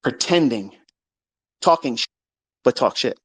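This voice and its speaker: A man hosting a live audio space, ranting in a profane, combative, boastful way and swinging between low mutters and shouts. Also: expressive, measured pace, breathy edge, no echo.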